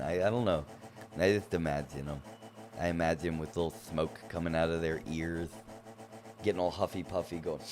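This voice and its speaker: Playful low-voiced man streaming games. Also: darkish tone. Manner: playful, teasing, talks to chat. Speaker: gaming streamer. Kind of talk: casual live-stream commentary.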